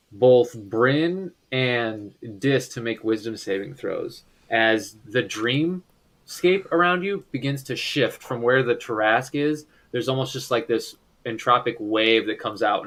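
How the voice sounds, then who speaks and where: A man's voice: medium pitch, fairly bright tone, rough recording. A man narrating as game master, describing scenes in a loose, rambling way with many fillers.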